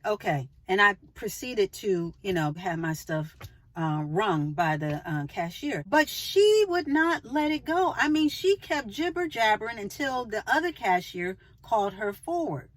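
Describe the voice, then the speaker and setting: A woman vlogger telling a personal story to her viewers in a chatty, animated way, with asides to the viewer. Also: mid-range voice, dry recording, rough recording. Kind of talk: casual storytelling to camera.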